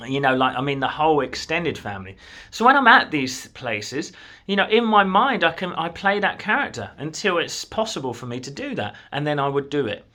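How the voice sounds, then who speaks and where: Male coach, motivational to camera, encouraging and direct, bright tone, a little high. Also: big pitch swings, fairly quick. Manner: earnest, encouraging, speaks straight to the viewer. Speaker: manifestation coach. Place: at a desk in his own room.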